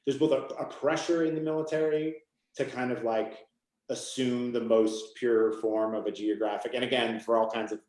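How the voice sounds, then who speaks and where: A man's voice: medium pitch, fairly even intonation, moderate pace, darkish tone, reverberant, poor audio. A man from Maine, an author guest, speaking in a rambling, casual way full of "you know" and "like" on a video call. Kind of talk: casual conversation.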